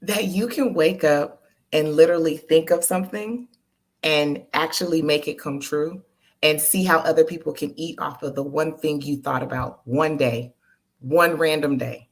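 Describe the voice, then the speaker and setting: A woman's voice: deep voice, normal speed. A woman guest on a live-streamed interview, talking candidly and with animation, laughing easily. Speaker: guest, entertainer and producer. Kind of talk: casual interview talk.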